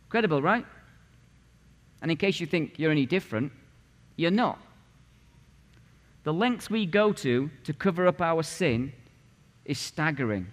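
A man's voice: fairly high pitch, expressive, a little slow, pauses often. Man in his forties preaching in a reverberant church. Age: 40s. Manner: punchy, conversational preaching with rhetorical questions. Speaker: pastor. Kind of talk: sermon. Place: church sanctuary.

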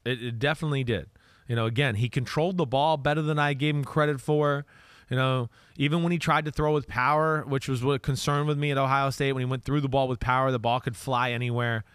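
A man's voice: medium pitch, steady tone, fast, a bit bright, smooth, no echo. A middle-aged man with a New Jersey accent, co-hosting a casual football podcast and often repeating words as he starts a thought. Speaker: podcast co-host, football analyst. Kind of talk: casual sports talk.

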